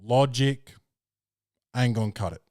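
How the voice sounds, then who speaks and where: Young Aussie bloke hosting a podcast, laid-back slangy banter, mid-pitched, close dry mic. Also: male voice, unhurried, a little mellow, dry recording. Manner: loose, slangy, jokey storytelling. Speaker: podcast host and comedian. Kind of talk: casual podcast chat.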